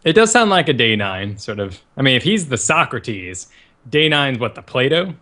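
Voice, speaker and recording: A man's voice: mid-range voice, very animated, normal speed, pushed and bright. A man co-hosting a casual live podcast, talking with jokey enthusiasm. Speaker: podcast co-host.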